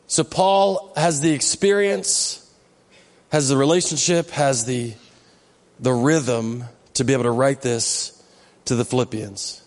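A man's voice: medium pitch, fairly even intonation, takes it slowly, big-room sound. A male pastor giving a sermon in a conversational way, with joking asides to the congregation. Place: church sanctuary.

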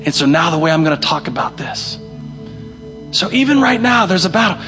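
A man's voice: on the high side, very animated, fairly quick, pushed and bright, soft background music. A young male pastor preaching a sermon, emphatic and repeating his key phrases. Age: young adult. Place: church hall.

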